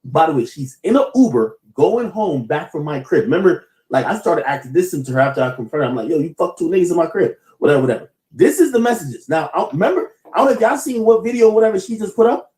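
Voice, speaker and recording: A man's voice: a little high, animated, quick pace, hardly any pauses, dark tone, roomy sound, low-quality recording. A man on a livestream telling a personal story in a rambling, stammering, defensive way.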